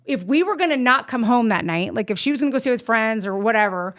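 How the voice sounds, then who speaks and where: Animated woman telling a story. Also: fairly high pitch, fast. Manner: animated, acts out her own past lines. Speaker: guest storyteller. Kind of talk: casual storytelling chat.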